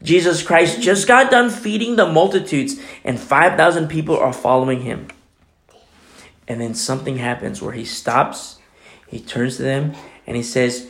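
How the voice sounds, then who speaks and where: A man preaching a sermon, animated, acting out little dialogues as he teaches. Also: fairly high pitch, moderate pace. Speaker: pastor.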